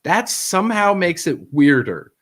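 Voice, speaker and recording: A man co-hosting a casual stream chat, telling stories in a measured, thoughtful way with hesitant fillers. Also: high voice, sing-song, a bit bright. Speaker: co-host.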